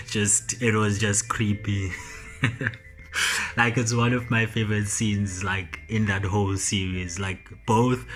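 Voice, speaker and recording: A man casually recapping a TV episode as a reviewer, hesitant with many ums and restarts. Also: fairly bright tone. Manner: slow and low-key. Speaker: TV show reviewer.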